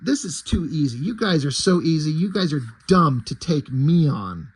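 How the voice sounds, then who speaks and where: A man's voice: a little high, sing-song, normal speed, husky. A man reading the lines of a violent, brash young woman, dismissive and cocky.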